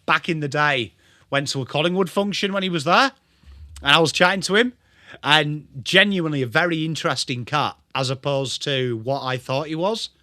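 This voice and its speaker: A man's voice: on the high side, moderate pace, pushed and bright, dry recording, clean studio sound. A young English man hosting a live football watchalong, calling the play and greeting viewers in a chatty way. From England. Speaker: livestream host.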